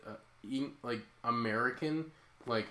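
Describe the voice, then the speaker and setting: A podcast co-host in a casual movie recap chat, animated and often acting out scenes in quoted voices. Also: mid-range voice, measured pace, roomy sound, low-quality recording.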